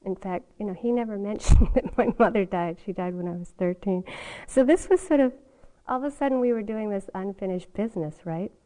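A woman's voice: mid-range voice, brisk, dark tone, low-quality recording. An older woman giving a meditation talk at a retreat, telling a personal story in a candid way and laughing often. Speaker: meditation teacher.

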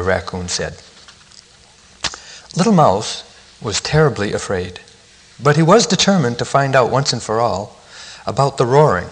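A man who teaches meditation, reading a children's story aloud in a gentle, measured way at a retreat center. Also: mid-range voice, sing-song. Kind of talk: storytelling in a dharma talk.

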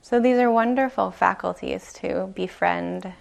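A woman meditation teacher giving a dharma talk, telling a story slowly and gently, with soft pauses. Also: mid-range voice, creaky. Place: retreat meditation hall.

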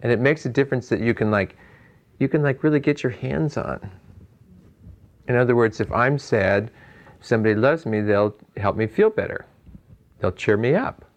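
A man teaching meditation in an informal dharma talk. He muses aloud, chuckles between points, and fills his pauses with "you know.". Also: mid-range voice, animated, lo-fi sound.

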